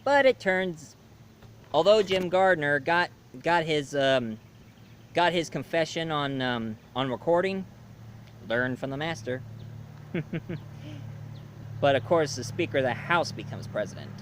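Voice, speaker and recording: A man reviews a movie in a casual, rambling way. He leans on ums and restarts, and his voice sits a little high. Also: animated, unhurried, pauses often, fairly bright tone, slight background noise. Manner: rambling, lots of fillers.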